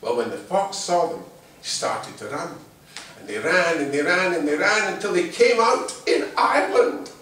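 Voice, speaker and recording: A male storyteller spinning a folk tale with a playful, humorous lilt in a fairly high voice. He sounds far from the mic in a very echoey space, with faint noise underneath. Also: expressive, moderate pace, a bit bright. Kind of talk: live folk-tale telling. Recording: distant mic in a very echoey room.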